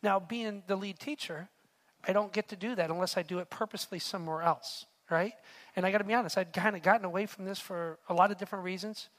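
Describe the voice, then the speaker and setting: Middle-aged pastor man, bright forceful voice, chatty sermon story, lots of "right?". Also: high-pitched, steady tone, fast talker. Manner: chatty, repeats words, asks "right?".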